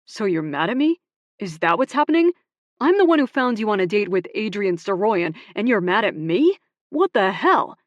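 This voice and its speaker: A woman narrator voicing a blunt, possessive young man with loud, clipped delivery. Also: fairly low pitch, steady tone, fairly quick, no echo, highs cut off, close to an everyday voice. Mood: heated.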